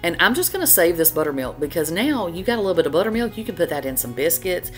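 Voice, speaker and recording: A woman's voice: fairly low pitch, big pitch swings, fast, soft background music. A middle-aged woman, hosting a cooking channel in a chatty, folksy voiceover. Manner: chatty, folksy, says y'all a lot. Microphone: voiceover mic.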